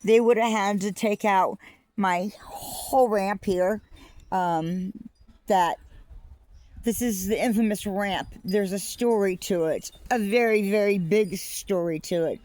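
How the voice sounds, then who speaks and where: A woman talking casually to camera in a personal vlog, rambling and halting with many fillers, outdoors on her rural property. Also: mid-range voice, darkish tone, no echo. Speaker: vlogger.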